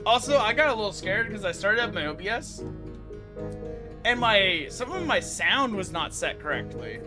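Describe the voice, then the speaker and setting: Young male streamer, chatty and rambling, high-pitched, faint music behind. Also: big pitch swings, normal speed. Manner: rambling, chatty, self-correcting. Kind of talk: casual livestream chat.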